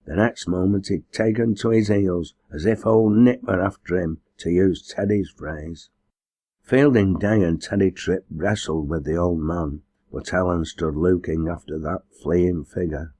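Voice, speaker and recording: A man reading a novel aloud as an audiobook narrator, in measured, even storytelling. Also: low voice, dry recording. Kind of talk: scripted narration.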